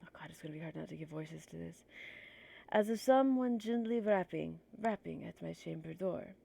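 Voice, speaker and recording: A woman's voice: lowish voice, moderate pace, gravelly, mellow, dry recording. A woman streamer with a stuffy nose reading poetry aloud on a livestream, nervous and self-conscious, apologizing for her slips.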